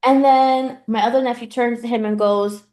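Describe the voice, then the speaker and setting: On a podcast she co-hosts, a young woman with a voice on the high side tells stories at a normal speed. The chat is casual, and she laughs a lot, giggly and animated throughout.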